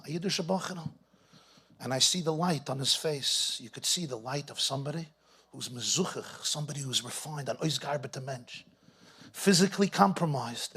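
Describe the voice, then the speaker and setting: A middle-aged rabbi speaks to a gathering in a husky voice. He tells his story with lively energy, dropping Yiddish and Hebrew phrases along the way. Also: mid-range voice. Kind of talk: storytelling talk to an audience.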